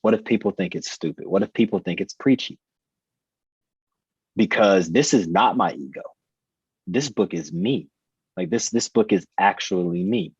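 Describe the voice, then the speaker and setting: A deep-voiced man in his thirties speaks earnestly and reflectively, leaning on repeated phrases for emphasis. His voice is husky, and the recording is dry and slightly muffled. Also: normal speed, pauses often, darkish tone, no echo. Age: 30s. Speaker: podcast guest, author. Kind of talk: personal storytelling in conversation.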